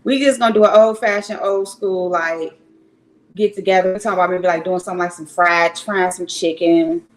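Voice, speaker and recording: A woman on the low side vocally, with fairly even intonation and a brisk delivery, talks casually and bluntly to viewers during a livestream. She's at home in Cleveland on a home streaming setup, rambling and cursing occasionally, and the recording is rough.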